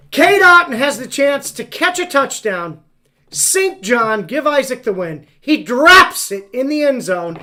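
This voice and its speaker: A woman hosting a casual fantasy football podcast. She reads out weekly rankings in a playful, animated, teasing way. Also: fairly high pitch.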